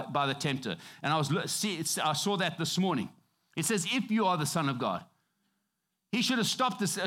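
Male preacher, fairly high voice, emphatic conversational sermon delivery. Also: a bit bright.

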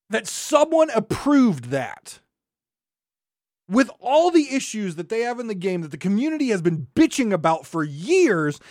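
A podcast host ranting angrily and sarcastically, swinging from shouting to muttering. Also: medium pitch, no room sound, studio quality. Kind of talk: solo gaming podcast rant.

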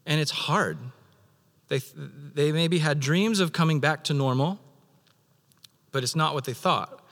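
A man preaching a sermon as pastor, animated, acting out God's voice in quoted lines. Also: on the high side, in a large hall.

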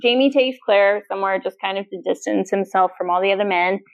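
A woman's voice: medium pitch, brisk, gravelly, lo-fi sound. A woman co-hosting a podcast, recapping scenes in a casual chat and acting out quoted lines with laughs. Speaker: podcast co-host.

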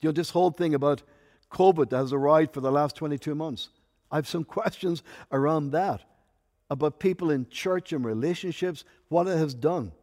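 A man preaching a sermon as pastor, swinging from soft, intimate asides to loud, emphatic peaks. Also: fairly high pitch, moderate pace. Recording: long hall reverb.

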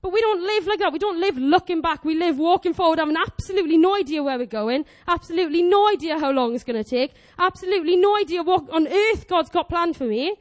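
A young woman in her twenties delivers an energetic sermon with a very high, bright-pitched voice. She is exclamatory and animated, and she acts out the prayers she quotes. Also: fast, few pauses. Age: 20s. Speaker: preacher. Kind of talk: lively sermon.

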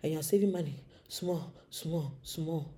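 A woman's voice: deep voice, unhurried. A young woman from Africa, telling a comic monologue and slipping into small character voices. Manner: animated, acts out little voices. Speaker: comedic storyteller. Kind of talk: comedic monologue.

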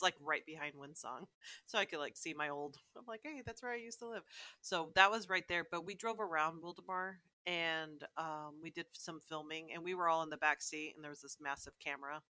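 A woman's voice: deep voice, pushed and bright, no echo. A woman guest on a podcast, recalling events in a casual, rambling way with many fillers. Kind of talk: casual chat.

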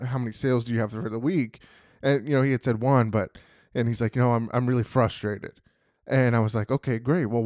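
A man's voice: mid-range voice, a little mellow. A man in a middle register gives a casual motivational talk to a sales team and keeps leaning on "you know" as he goes. His delivery is loose and conversational. The sound is dry and close, with no room echo. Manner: conversational, heavy use of "you know" fillers.

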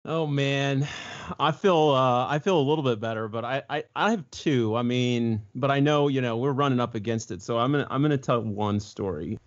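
Brief: male co-host, casual storyteller, animated, slips into quoted voices, slightly dull lo-fi sound. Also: medium pitch, normal speed. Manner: animated, jumps into voices when quoting others.

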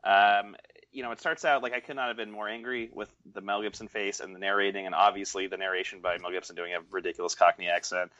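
A man's voice: fairly low pitch, fairly even intonation, fast, bright, forceful tone, no echo. A man co-hosting a casual film podcast, talking in a sarcastic, rambling way and often repeating himself. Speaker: podcast co-host. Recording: dull lo-fi dry sound.

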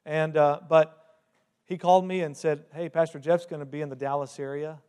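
A man's voice: on the high side, fairly even intonation, moderate pace, warm tone, clean tone. Chatty man introducing a guest pastor. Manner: chatty, with many fillers. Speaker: host pastor.

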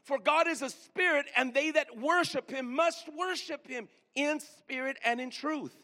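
A man preaches in a high, bright voice, slowing down to stretch out the words he wants to land. He calls on the congregation to answer him back. His voice rings out through a large hall with a long reverb. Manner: preaching with call-and-response and drawn-out emphasis. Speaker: pastor. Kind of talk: sermon. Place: church sanctuary.

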